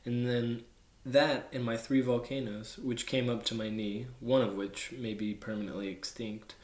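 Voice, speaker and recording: A young man, an athlete, reading a children's book aloud in soft, unhurried narration. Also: mid-range voice, level tone. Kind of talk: storybook read-aloud. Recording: echoey room.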